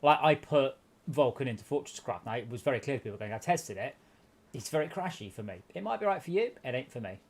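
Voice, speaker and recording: Lively man griping over gameplay. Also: medium pitch, fast. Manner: exasperated running commentary, stumbling restarts. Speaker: streamer hosting a game night. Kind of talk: casual gameplay chat.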